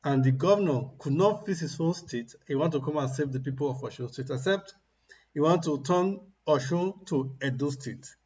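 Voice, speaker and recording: Man, mocking livestream rant, fairly high pitch, dull lo-fi sound. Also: moderate pace, darkish tone. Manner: mocking, ranting, laughs at his targets. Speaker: political commentator. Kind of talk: livestream commentary.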